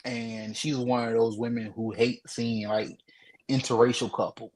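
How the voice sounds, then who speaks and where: A man co-hosting a podcast, telling a dating story in relaxed, rambling casual chat. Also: medium pitch, a little slow, low-quality recording. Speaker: podcast co-host.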